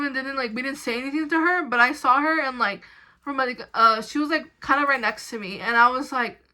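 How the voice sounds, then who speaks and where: A woman's voice: high-pitched, bright, forceful tone. A young woman telling a personal story in a casual, rambling way, saying "like" constantly and sounding indignant. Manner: rambling, heavy use of "like"; indignant recounting. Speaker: vlogger.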